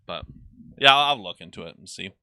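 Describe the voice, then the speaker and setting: A man's voice: deep voice, animated, brisk, pushed and bright, clean tone, no room sound, studio quality. Swearing young man in casual chat. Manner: profane, rambling, lots of fillers. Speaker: podcast co-host.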